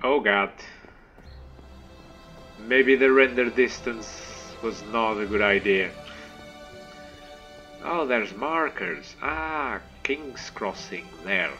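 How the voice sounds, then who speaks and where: A man giving chatty, excitable gameplay commentary as a let's play host, humming little tunes to himself as he goes. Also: medium pitch, drawn-out words, long pauses, highs cut off, faint music behind.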